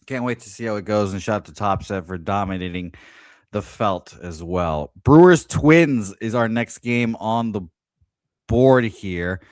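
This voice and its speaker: Lower-voiced upbeat man, dry sound. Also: a little slow, no room sound. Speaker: sports betting show co-host. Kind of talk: casual sports betting talk.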